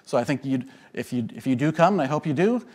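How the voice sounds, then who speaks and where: A man's voice: mid-range voice, animated, fast, darkish tone. A man with an Irish accent, a diplomat giving a conference presentation in a hesitant way, with many fillers and restarts. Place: conference room before an audience.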